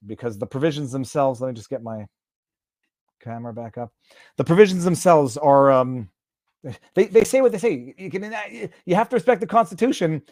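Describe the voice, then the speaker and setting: A man's voice: on the high side, darkish tone, no echo, studio quality. A man hosting a live stream, reading documents aloud and translating them in real time with sarcastic asides. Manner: sarcastic, reads text aloud and translates on the fly. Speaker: host. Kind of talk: casual live-stream commentary.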